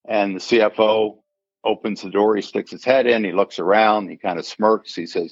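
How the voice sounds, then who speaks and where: In an interview, an older man who retired as a forensic accountant tells a story and acts out the voices of the people in it. His voice is on the low side, fairly even in intonation, at normal speed, with no echo but a dull lo-fi sound.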